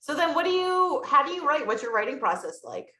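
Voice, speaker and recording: A woman's voice: high-pitched, sing-song, brisk, pushed and bright, reverberant, low-quality recording. A woman hosting a casual podcast interview, pressing with probing follow-up questions. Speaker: podcast host.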